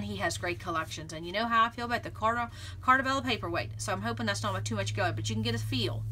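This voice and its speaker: A woman hosts a scrapbooking channel, chatting casually and thinking out loud while she works in her craft room. Her voice is a little high, pushed and bright, and there's a little hiss or hum on the recording.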